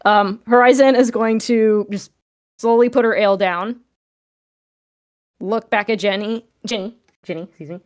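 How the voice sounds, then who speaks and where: A woman's voice: medium pitch, steady tone, moderate pace, long pauses, darkish tone. A woman player in a tabletop game, rambling through her character's actions with many fillers.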